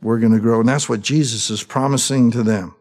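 A middle-aged man preaching in an easy, conversational way. His voice sits at an ordinary pitch, and he keeps turning to his listeners for agreement as he teaches. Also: steady tone, fairly quick, darkish tone, soft background music. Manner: conversational, asks the congregation for agreement. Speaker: pastor. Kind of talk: sermon.

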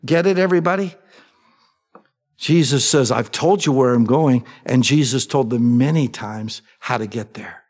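A man preaching a sermon, asking his congregation questions and answering them himself, swinging between raised emphatic lines and soft low asides. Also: moderate pace. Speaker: pastor. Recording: long reverb of a large hall.

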